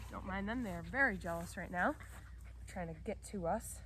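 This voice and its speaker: A young woman dog trainer, outdoors, explaining a recall exercise and calling the dog in a loud, high-pitched praising voice. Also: fairly quick, background noise. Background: other dogs barking.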